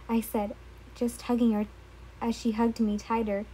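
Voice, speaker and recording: A woman reading first-person fan fiction aloud, halting and correcting herself often as she reads. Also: fairly high pitch, flat delivery, mellow, breathy edge, low-quality recording. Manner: halting, frequent self-corrections while reading.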